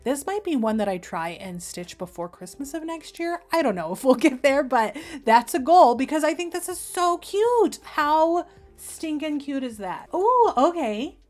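A young adult woman vlogging casually as she unboxes craft kits, gushing and gasping with excitement. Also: high-pitched, unhurried, soft background music. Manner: gushing, excitable, gasps often. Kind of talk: unboxing chat.

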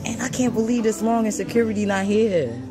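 A woman, filming on her phone in a mall store and giving loud, indignant commentary to the people around her. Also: a little high, fairly quick, loud music behind the voice. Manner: loud, indignant, talking to onlookers. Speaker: filming shopper. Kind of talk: agitated live commentary while filming. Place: large store in a mall, indoors. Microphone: phone camera held by speaker.

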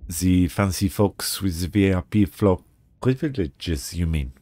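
A man's voice: fairly low pitch, big pitch swings, moderate pace, darkish tone. A man voicing an inquisitive woman, with a weak put-on accent.

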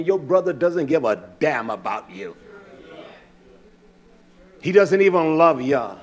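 A man preaching a combative, fiery sermon who swears freely, repeats lines for emphasis, often breaks into shouts, and fills pauses with "uh". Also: a little high, big pitch swings. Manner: often shouts, with many "uh" fillers.

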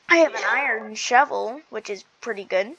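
A woman chatting casually while playing a video game, excitable and giggly, gasping and stammering as she goes. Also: a little high, a little slow, muffled recording. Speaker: gaming video host. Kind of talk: casual gameplay chat.

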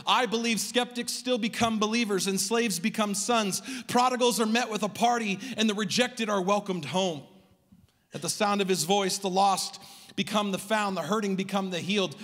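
Male pastor, high voice, rhythmic sermon, long church-hall reverb. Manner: rhythmic preaching, swings from loud to hushed. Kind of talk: Christmas Eve sermon. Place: church sanctuary.

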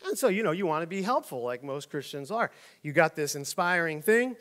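Male pastor, middle-aged, high-pitched, animated, comic storyteller. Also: brisk. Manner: animated storytelling with jokes and acted-out voices. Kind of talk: conversational sermon.

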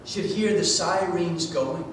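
A man from Georgia preaching a sermon, telling a story with drama, swinging from loud to hushed. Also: slow. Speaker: pastor. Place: church sanctuary. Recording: echoey church hall from far off, faint rumble.

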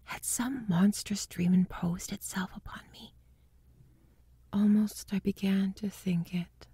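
A woman narrating a ghost story from a script in a hushed, breathy delivery that often drops to a whisper. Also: medium pitch, fairly even intonation, takes it slowly, no room sound.

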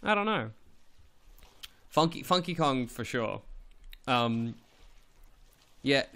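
Playful, animated male game streamer. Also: clear, resonant tone. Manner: playful, jokey, swears casually; animated, swoops up in pitch when excited. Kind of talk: casual live-stream chat while playing, answering chat.

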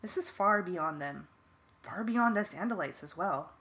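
A woman's voice: fairly low pitch, animated, measured pace, fairly bright tone. A woman voicing a stiff, formal young male alien warrior in a fan audiobook. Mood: grave. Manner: formal, precise, subdued.

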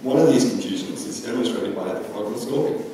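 A man's voice: on the low side, fast, dark tone, a little hiss or hum. A young man giving a philosophy talk at a conference, loose and chatty with frequent ums. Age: young adult. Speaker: conference speaker. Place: large lecture hall. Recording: echoey hall from far off.

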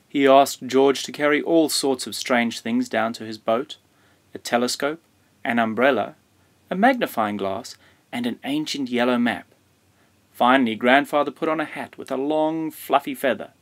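A man's voice: medium pitch, lively intonation. Man reading a children's picture book. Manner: gentle, measured storytelling. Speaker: storybook reader.

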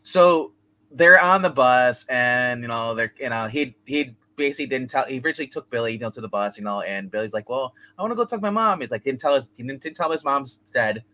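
A man's voice: medium pitch, brisk, sharp tone. A man hosting a movie review podcast, rambling through a plot recap with lots of fillers and laughs. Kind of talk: casual chat.

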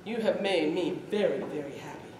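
A woman storyteller voicing a kindly older baron, a fond father who keeps his word, speaking soft and low in an echoey hall. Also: normal speed, far from the mic, a little hiss or hum, close to an everyday voice.

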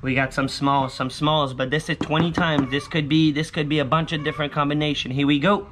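A man who vlogs about scratching lottery tickets, talking casually to his viewers and yelling catchphrases. His voice sounds hoarse from shouting, and he sounds close to a camera set on a table indoors. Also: on the high side, level tone, brisk, hardly any pauses, slight background noise.

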